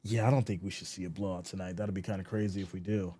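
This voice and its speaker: A man hosting a casual sports live stream, reading viewer comments aloud and answering them in an animated, mock-exasperated way. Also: low voice, fast, husky.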